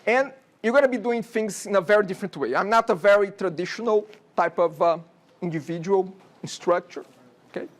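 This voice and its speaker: Fairly quick and high-voiced, a man in his forties with a Brazilian Portuguese accent teaches a classroom as a college instructor. His talk rambles chattily and is broken up by repeated "okay?" checks with students.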